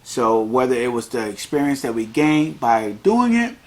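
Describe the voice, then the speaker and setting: A man's voice: medium pitch, very animated, moderate pace. A man in his fifties hosting an unscripted podcast, talking in a chatty, rambling way and laughing easily. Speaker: podcast host.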